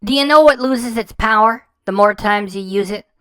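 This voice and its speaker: A woman's voice: fairly high pitch, normal speed, fairly bright tone, clean tone, no echo, poor audio. A woman giving a scathing, sarcastic reaction commentary, mocking and swearing, tripping over her words when she gets heated. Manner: mocking, sarcastic and profane, stumbles when worked up.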